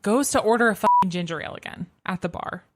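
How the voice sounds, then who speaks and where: A woman's voice: mid-range voice, fast. A woman co-hosting a podcast, chatting in a wry, joking way. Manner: wry, joking, reads from notes. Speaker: podcast co-host. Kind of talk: casual chat recapping a TV episode.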